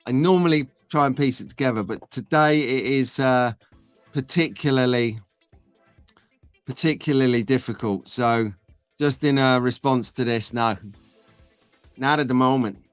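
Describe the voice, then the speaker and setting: A man's voice: medium pitch, measured pace, pauses often, smooth, no echo. A man hosts a casual live stream, bantering with the chat in a jokey, rambling way. He has only just woken up. His voice sits mid-range and sounds dry and close to the mic, with faint music under it. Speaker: host.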